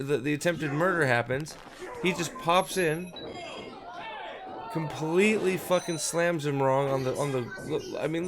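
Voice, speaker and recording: A man's voice: on the high side, gravelly, a little hiss or hum. A man giving casual, profane video commentary as host, ranting in an exasperated way with frequent restarts.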